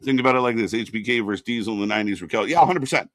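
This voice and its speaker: This co-host of a live wrestling watch party has a lowish voice and talks very fast, with a little hiss or hum on the recording. He chats and reacts casually, rambling with fillers, then erupts in loud, excited bursts.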